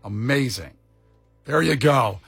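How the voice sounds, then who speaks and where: A middle-aged man hosting a radio show, bantering in an animated way and quick to riff. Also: medium pitch, creaky, breathy edge, faint music behind.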